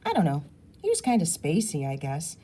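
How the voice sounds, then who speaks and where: A woman reading aloud, voicing a young girl who answers in a quick, offhand and dismissive way. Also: low-pitched, wildly swooping pitch, dark tone, heavily acted. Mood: bored. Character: young girl, bored little sister.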